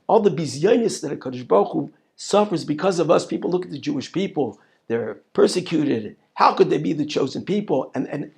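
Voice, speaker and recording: Emphatic, gravelly male rabbi. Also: a little high, darkish tone. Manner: emphatic, repeats words, rhetorical questions. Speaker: rabbi teaching on prayer. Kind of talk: Torah lesson.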